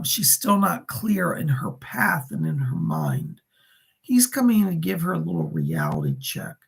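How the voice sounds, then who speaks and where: A man with a gravelly, raspy voice hosts live psychic readings. His pitch swings up and down as he relays spirit messages and thanks viewers by name. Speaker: psychic medium on a livestream.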